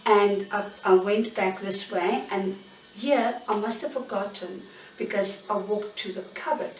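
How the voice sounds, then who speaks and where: A woman tells her story candidly, pausing and searching for words. Her voice sits in a mid register and comes across an echoey room from some distance away from the mic. A faint background hiss is present throughout. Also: mid-range voice, fairly even intonation. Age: 60s. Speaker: interviewee. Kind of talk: personal account in an interview. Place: bedroom in her own home. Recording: roomy sound, mic at a distance.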